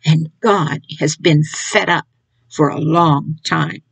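A woman's voice: sits low, steady tone, takes it slowly, vocal fry, slightly rough, no echo, low-quality recording. A woman preaching an informal sermon with a mocking tone. She laughs at what she describes and acts out other people's words with scorn. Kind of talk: informal sermon to an online audience.

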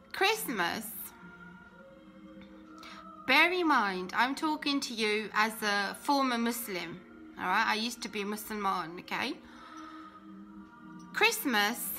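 A woman chatting casually to viewers on a live phone video from home, emotional and quick to laugh, a little out of breath. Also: fairly high pitch, bright, forceful tone. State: slightly out of breath. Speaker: Christian vlogger.

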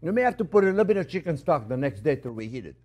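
Animated chatty man chef. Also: a little high, racing. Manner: animated and chatty, with many fillers and repeated exclamations. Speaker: chef hosting a cooking show. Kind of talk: casual cooking demonstration.

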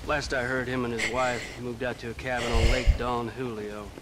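A man's voice: mid-range voice, flat delivery, moderate pace, close to an everyday voice. An actor playing a laid-back, offhand lawman in an old West game. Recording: game audio under loud noise.

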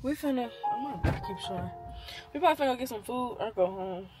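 A woman's voice: a little high, lively intonation, quick pace, loud music behind the voice. A woman of twenty talking casually to camera in a slangy, chatty, laid-back way, recorded on a phone or small camera held close. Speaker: vlogger. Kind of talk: casual vlog talk to camera.

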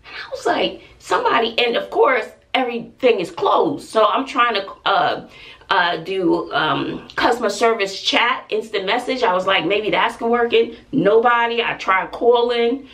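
A middle-aged woman telling a personal story to her vlog, casual and slangy, acting out her own reactions. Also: measured pace. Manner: animated retelling, jumps high to act out her own quotes. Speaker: family vlogger. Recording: voice a bit far from the mic.

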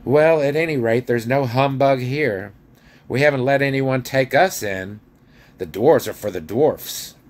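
A man voicing a group of stubborn, suspicious male dwarfs in a storybook reading, loud and scoffing. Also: moderate pace, lightly acted. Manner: loud, scoffing and higher-pitched than the narration.

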